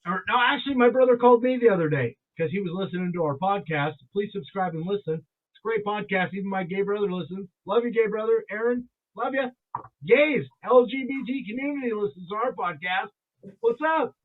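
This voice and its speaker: A man co-hosts a casual, boozy podcast, cursing freely and laughing a lot. His voice sits high. The audio is thin and tinny, like a phone line. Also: a little fast. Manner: loud, profane, laughing, slips into mock accents. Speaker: podcast co-host. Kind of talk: casual drunk podcast banter.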